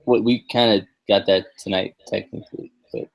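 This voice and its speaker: A man's voice: fairly low pitch, fairly even intonation, moderate pace, creaky, low-quality recording. A man co-hosting a podcast, chatting casually about a wrestling show in a rambling, hesitant way. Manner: rambling, hesitant, many restarts and fillers. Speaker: podcast co-host.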